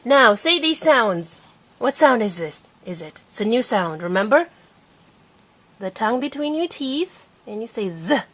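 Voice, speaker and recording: A young woman patiently teaching her small child to read, sounding out each word slowly and clearly. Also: a little high, sing-song, a bit bright. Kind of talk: reading lesson with a preschooler.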